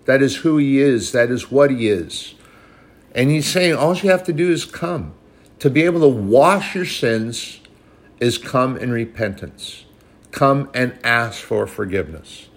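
A man's voice: mid-range voice, lively intonation, a little slow. A man preaching a sermon, quoting scripture in an old-style cadence and building to emphatic, rising passages.

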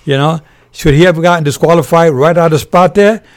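An older man, a former boxer and referee, telling animated stories with laughter in an interview. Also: on the high side, brisk. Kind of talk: storytelling in a podcast interview.

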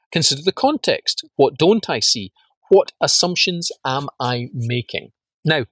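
A man's voice: on the high side, a bit bright, no room sound. A man teaching a business course, asking rhetorical questions and stressing words emphatically, with frequent repeats. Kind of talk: spoken lesson on facts and truth.

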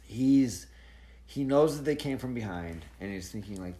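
A woman with an unusually deep voice that swings widely as she talks. She joins a casual book-club podcast with eager questions and acts out the characters' lines. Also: animated, normal speed, mellow. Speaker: podcast co-host.

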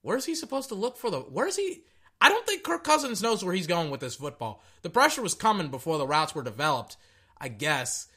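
A young man giving casual, rambling reaction commentary on a football game, excitable and tripping over his words. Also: high voice. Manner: excitable, rambling, stutters and repeats himself.

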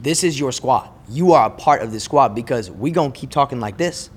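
A man's voice: mid-range voice, animated, brisk, breathy edge. Fervent man rallying podcast listeners. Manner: fervent, exhorting, repeats words for emphasis. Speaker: podcast co-host. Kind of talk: faith podcast discussion.

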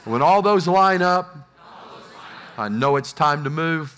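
A man's voice: fairly high pitch, animated, slow, long pauses, fairly bright tone. A middle-aged man preaching a sermon as pastor, acting out uncertain inner voices for the congregation.

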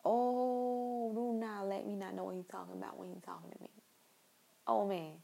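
A woman's voice: medium pitch, steady tone, fast, creaky, darkish tone, slightly rough, poor audio. A young woman talking in a casual, rambling monologue, repeating herself and speaking straight to her listeners.

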